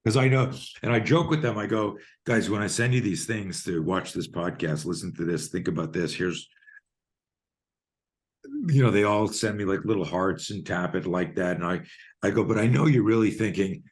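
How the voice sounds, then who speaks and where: A man's voice: low-pitched, normal speed. A man in his fifties, a fear and self-defense coach, telling stories in a podcast interview and acting out both sides of the conversations. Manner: animated storyteller acting out dialogues.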